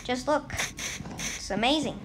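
A woman's voice: high voice, takes it slowly. A woman giving casual, playful commentary on her own gameplay and chatting to the animals in the game. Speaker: gameplay video creator. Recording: loud background noise.

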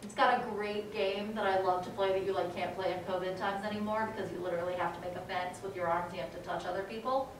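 A woman teaching a music education class in a casual, animated way, now and then singing short rhymes. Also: mid-range voice, quick pace, few pauses, noisy background. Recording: echoey room, mic from a distance.

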